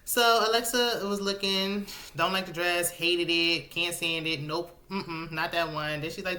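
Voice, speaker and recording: Woman, 30s, sassy recap chatter, bright forceful voice, slightly low pitch. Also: unhurried, hardly any pauses. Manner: chatty, sassy, animated with dialect speech. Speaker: reality TV recap vlogger. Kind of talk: casual recap commentary.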